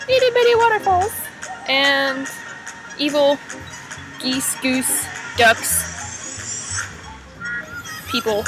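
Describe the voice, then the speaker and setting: Slow-talking, self-conscious young woman. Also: high-pitched, poor audio. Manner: self-conscious, rambling and giggly on camera. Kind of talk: casual home video message. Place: outdoors at a school campus.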